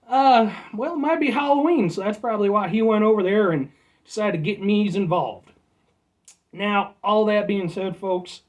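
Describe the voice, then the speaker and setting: A man's voice: high voice, close to an everyday voice. Man impersonating a drawling small-town Canadian man with an attempted rural Canadian accent; rambling, folksy comic impression.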